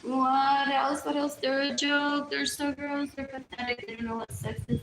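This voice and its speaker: A woman's voice: high voice, little pitch movement, normal speed, fairly bright tone, faint music behind. Woman rambling on a phone livestream, repeats herself, slips into whispers, echoey room. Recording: echoey room with clear background noise.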